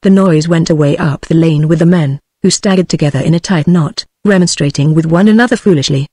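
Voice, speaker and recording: A woman's voice: deep voice, no echo, clean studio sound. British woman narrating, synthetic voice. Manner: even, measured synthetic delivery. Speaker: audiobook narrator.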